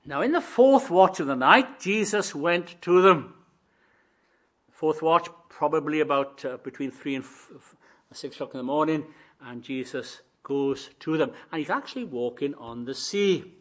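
High bright-voiced male preacher. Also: lively intonation, normal speed. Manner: swings from quiet musing to loud rising proclamation. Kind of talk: sermon.

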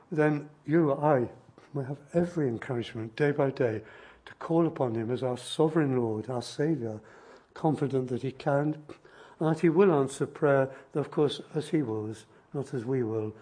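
A man preaching a sermon, explaining scripture in a measured, gentle way. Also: medium pitch.

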